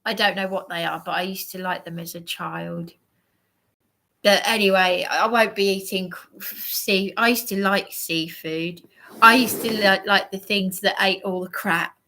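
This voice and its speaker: A tired woman rambles through a casual livestream chat, stopping and restarting her sentences. She talks slowly, and her voice has a gravelly, creaky edge. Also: medium pitch, steady tone, pushed and bright. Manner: rambling, hesitant, many restarts.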